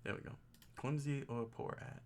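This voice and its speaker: A man's voice: mid-range voice, steady tone, normal speed, darkish tone, slight background noise. A man streaming his own Japanese study, reading words and meanings aloud, joking and correcting himself as he goes. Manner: jokey, thinking aloud, with self-corrections. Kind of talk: casual self-study stream.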